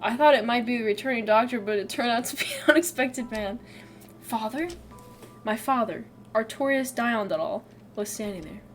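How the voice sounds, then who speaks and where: A woman's voice: a little high, fairly quick, faint music behind. A woman streamer reading a game aloud, giggly, chatty, and self-mocking.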